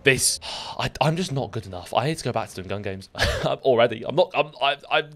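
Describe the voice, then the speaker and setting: A young man commentating his own gameplay, excitable, swearing and talking to himself. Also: medium pitch, a little fast. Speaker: gaming YouTuber.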